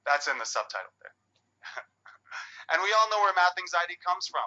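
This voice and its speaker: A man giving an animated public talk, with dramatic pauses. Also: high voice. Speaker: speaker. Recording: dull lo-fi recording.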